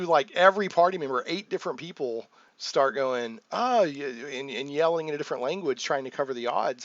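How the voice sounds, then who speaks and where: Speaking at medium pitch, a game master who hosts a channel chats casually about his tabletop game. His talk rambles with frequent restarts and fillers, and he performs his players' lines. The sound is muffled, dull and dry, without echo.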